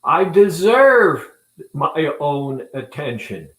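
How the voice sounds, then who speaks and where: A man with a slightly high voice talks to viewers about a weight-loss clinic, slowly and with many pauses. He is earnest and deliberate throughout. His voice rings with the echo of a roomy space. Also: big pitch swings, a bit bright. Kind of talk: promotional talk to viewers.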